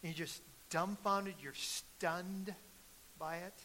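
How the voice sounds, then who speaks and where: Middle aged guy preaching, bright sharp voice, gets loud and emphatic. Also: high voice, fairly even intonation, takes it slowly, slight background noise, low-quality recording. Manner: storytelling, building to loud emphatic peaks. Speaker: pastor. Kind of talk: sermon.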